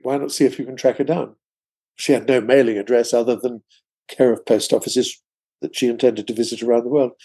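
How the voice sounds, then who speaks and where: A man's voice: mid-range voice, fairly even intonation, fairly quick, warm tone, slightly rough. An older man, a guest author, telling a long anecdote in conversation, rambling with many asides. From England. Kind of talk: storytelling in conversation.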